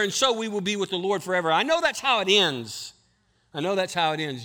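A man preaching a sermon in church, building to loud passionate declarations and dropping low to explain. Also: animated, fairly quick. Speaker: pastor. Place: church sanctuary.

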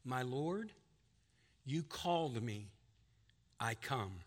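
A man reading aloud the soft words of a wounded young man waking to greet his king. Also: mid-range voice, very animated, slow, full character voice. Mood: hushed.

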